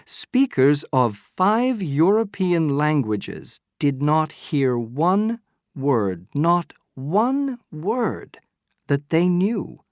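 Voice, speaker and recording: A man reads an audiobook in the role of a sharp-minded detective, patiently explaining his deductions at a slow pace and posing probing questions. He stresses key words heavily, his pitch swinging in a lively, exaggerated way. The recording is smooth, close and dry, with no room sound.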